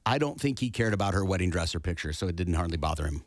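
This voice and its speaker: A man's voice: sits low, lively intonation, rapid-fire, no room sound. Wry man telling a story, dry sound. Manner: storytelling, conversational, wry asides. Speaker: podcast co-host. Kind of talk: casual chat.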